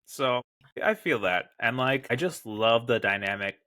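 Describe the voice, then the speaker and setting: A man's voice: mid-range voice, expressive, a little slow, bright, forceful tone, no echo. A man co-hosting a podcast about comics, chatting casually and reading lines aloud with playful voices. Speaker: podcast co-host.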